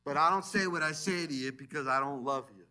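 A man preaching a sermon as pastor in a church, animated, swinging between loud emphasis and quiet asides. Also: on the high side, fast talker. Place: church sanctuary.

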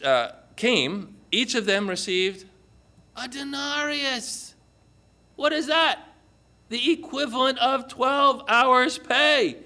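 A man preaching a sermon, telling a story vividly and drawing his listeners in with questions. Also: high voice. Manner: animated storytelling with vivid dramatizing. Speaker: pastor.

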